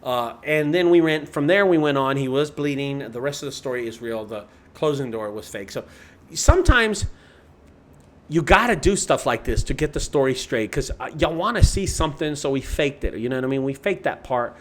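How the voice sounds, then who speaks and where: A man's voice: mid-range voice, lively intonation, normal speed. A man, the owner of a junk removal business, chatting loosely with his livestream viewers. He swears a lot, rambles and often restarts his sentences. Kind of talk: casual livestream chat with viewers.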